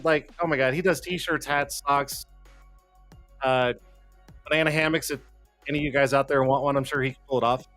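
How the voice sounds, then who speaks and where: A man's voice: on the high side, a bit bright. Rambling, foul-mouthed male livestream host. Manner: loose, rambling and profane, swears freely. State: out of breath. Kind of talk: casual live-stream chat. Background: faint background music.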